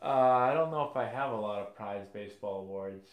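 A man's voice: lowish voice, a little fast, dull audio. Chatty man hosting a live stream. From Massachusetts. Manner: rambling, chatty storyteller who often restarts sentences. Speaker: live-stream host answering viewer questions. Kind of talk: casual live-stream chat.

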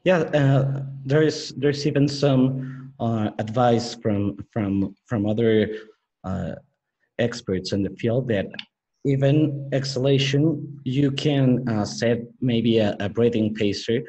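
Male interviewer, Spanish native speaking English with a Mexican accent, mellow voice, polite and halting. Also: mid-range voice, rough recording. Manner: hesitant, many fillers and restarts, polite. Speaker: interview host. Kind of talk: interview conversation.

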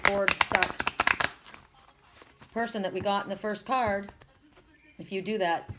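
A woman's voice: lowish voice, fairly bright tone, slight background noise. A woman doing a spiritual card reading for viewers, talking in a rambling, encouraging way with frequent restarts. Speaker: tarot and oracle card reader.

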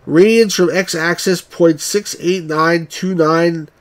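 A man with a somewhat high voice hosts a let's-play of old computer games. He reads the on-screen prompts aloud in a steady voice, then breaks off into wry, grumbling asides as he plays. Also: slow pace, few pauses. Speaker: game reviewer and channel host.

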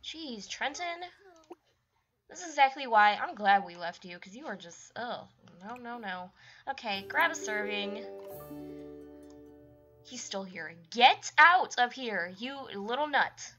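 Animated young woman playing a life sim. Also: mid-range voice, a little slow, pauses often, dull audio, soft background music. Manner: exasperated, scolding the game characters. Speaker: gaming YouTuber. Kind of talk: let's play commentary.

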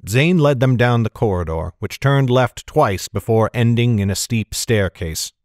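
A man narrating a fantasy novel in a steady, measured storytelling manner. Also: medium pitch, dry recording, studio quality. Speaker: audiobook narrator.

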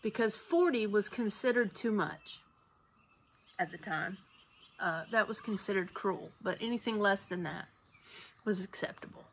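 A woman's voice: mid-range voice, a little slow, a little hiss or hum. A woman who teaches banjo, talking earnestly about her faith, choked up and sometimes dropping to a near whisper. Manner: earnest, soft, drops to a near whisper at times. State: choked up, tearful. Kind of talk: heartfelt casual talk about faith.

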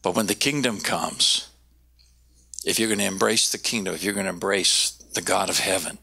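A man preaching a sermon, animated, slowing down to stress key words and raising his voice when he quotes. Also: vocal fry, breathy edge. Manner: animated, quoting with raised pitch, slowing for emphasis. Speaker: pastor.

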